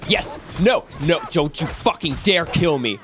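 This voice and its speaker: Excitable swearing woman gamer. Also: deep voice, unhurried. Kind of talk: let's play commentary. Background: game music.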